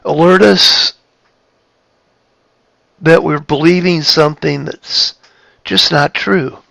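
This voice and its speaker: A man giving a reflective spiritual talk, halting and repeating his phrases, shifting his tone of voice for emphasis. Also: on the high side, fairly even intonation, vocal fry, fairly bright tone, dry recording. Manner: plays with tone of voice for emphasis. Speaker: spiritual speaker.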